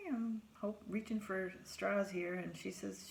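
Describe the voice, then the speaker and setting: A therapist, a woman in middle age, tells a story from her own life at a slow pace, animated and with vocal fry. She voices her own lines in a higher pitch and sinks to a whisper for her private thoughts.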